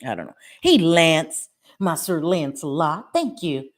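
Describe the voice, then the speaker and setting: A woman hosts a casual livestream chat through a webcam or computer mic, speaking bluntly, swearing freely, repeating herself and laughing often. Her voice sits low with big pitch swings, and her pace is measured.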